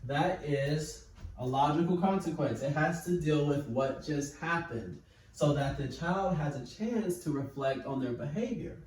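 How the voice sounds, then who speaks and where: A man teaching in a calm, patient, step-by-step way, as if talking through notes on a whiteboard. His voice sits a little high. The sound is very roomy and echoey, picked up by a mic some distance away. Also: measured pace, a little hiss or hum. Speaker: parenting educator. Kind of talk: explaining at a whiteboard. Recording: echoey room, mic far off.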